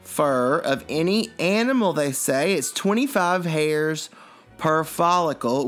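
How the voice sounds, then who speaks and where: A man's voice: fairly high pitch, animated, slow, fairly bright tone, faint music behind. A man co-hosting a comedy podcast, riffing playfully with mock-dramatic asides. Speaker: podcast co-host. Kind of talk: casual comedic chat.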